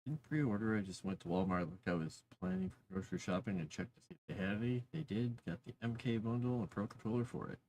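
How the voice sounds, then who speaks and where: A man's voice: lowish voice, fast talker, few pauses, darkish tone, a little hiss or hum. A man chatting casually on a live stream while writing fantasy lore, rambling, talking to his cat and reading chat aloud.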